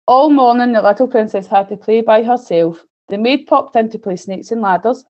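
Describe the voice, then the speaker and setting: A woman presenting a children's session and reading a storybook aloud in a clear, gently expressive manner. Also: on the high side, fairly quick, hardly any pauses, lo-fi sound. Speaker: early years student presenter.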